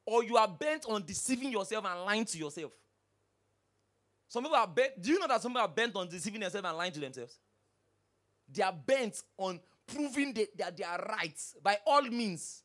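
A pastor preaching a sermon, firing rhetorical questions and swinging from hushed asides to loud bursts. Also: medium pitch, lively intonation, normal speed.

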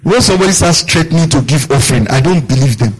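A man's voice: expressive, fast talker, husky, rough recording. A man preaching a sermon as a pastor, asking his congregation questions, repeating key lines and acting out the people in his stories. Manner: acts out quoted voices with big pitch jumps.

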